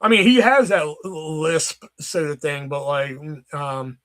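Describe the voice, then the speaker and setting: A man's voice: on the high side, lively intonation, a little slow, a bit bright. A man casually rambling through work stories on his livestream, swearing often and restarting sentences. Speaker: livestream host. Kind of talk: casual storytelling chat.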